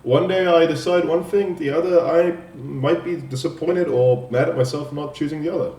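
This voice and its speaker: A man with a mellow, dark voice talks through a poem analysis for an assignment, explaining step by step and often stopping to restart a word. He sits a little back from the mic, and the room around him rings with echo. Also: fairly high pitch, normal speed. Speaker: student presenter. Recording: echoey room, distant mic.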